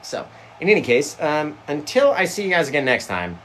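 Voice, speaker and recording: A man chats casually to viewers at the end of his painting livestream, rambling and joking. His pitch moves around a lot, and many sentences trail off into low mumbles. A faint hiss sits under the voice. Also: sing-song, a little fast, a bit bright.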